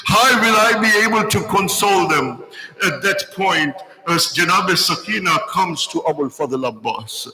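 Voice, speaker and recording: A man's voice: fairly high pitch, pushed and bright, low-quality recording. A man giving a sermon, telling a mourning narrative with emotive storytelling, stretching phrases and voicing the quoted words of its figures. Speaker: speaker at a Muharram majlis.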